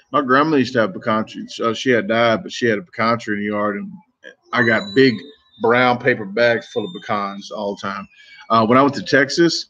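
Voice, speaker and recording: Brief: man, mid-pitch voice, casual live stream chat, rambling stories, muffled lo-fi audio. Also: a bit bright. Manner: rambling, self-interrupting storytelling. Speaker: competitive eater streamer.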